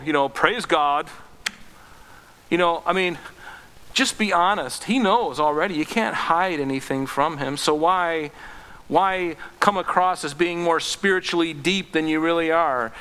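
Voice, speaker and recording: A man preaching from the pulpit with a bright, forceful voice pitched a little high. He pleads with rising intensity, then sinks to a soft, gentle hush. His voice rings out with the long reverb of a church hall. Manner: earnest, rises to impassioned pleading then drops low and gentle. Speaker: pastor. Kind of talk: sermon.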